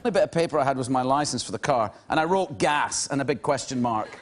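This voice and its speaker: A man giving interview answers as an animated storyteller who laughs often. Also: medium pitch, fast talker, slight background noise. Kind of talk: casual interview chat.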